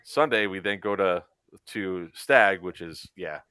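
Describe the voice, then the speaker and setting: A man co-hosting a casual podcast, telling stories in an animated way and acting out quotes. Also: deep voice, a little slow, smooth, dry recording. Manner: animated storyteller, acts out quotes. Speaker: co-host. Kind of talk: casual podcast chat, storytelling.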